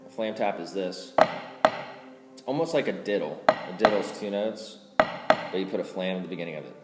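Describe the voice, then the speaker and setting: A man teaching drum rudiments in a casual way, counting strokes aloud louder than he explains. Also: sits low, normal speed, over loud music. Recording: roomy reverb with loud background noise.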